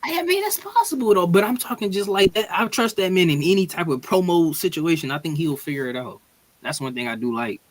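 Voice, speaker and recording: A man's voice: sits high, animated, a little fast, no room sound. A man co-hosting a wrestling podcast, joking and self-deprecating in casual banter. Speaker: podcast co-host.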